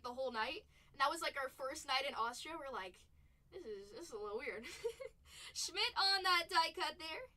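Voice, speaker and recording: A young woman hosts a live card break in a high, bright voice. She chats and laughs between calling out cards, sitting a little back from the mic over faint background noise. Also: distant mic. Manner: chatty, calls out cards between stories, laughs often. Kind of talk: casual live-stream chat while opening card packs.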